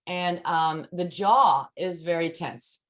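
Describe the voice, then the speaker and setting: Speaking slowly in a lowish, fairly bright voice, a female voice and text coach talks informally in an online chat. She fills her speech with fillers and acts out example lines while sharing speaking tips.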